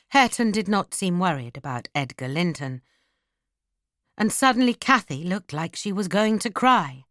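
A woman narrating a classic novel as an audiobook, in slow, expressive storytelling. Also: fairly low pitch, no room sound, studio quality.

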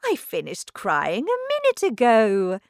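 A woman doing a fussy, high-pitched old Queen. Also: wildly swooping pitch, no room sound, studio quality, heavily acted. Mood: theatrical. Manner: slow, high and exclamatory. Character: old eccentric female queen, fussy and dramatic.

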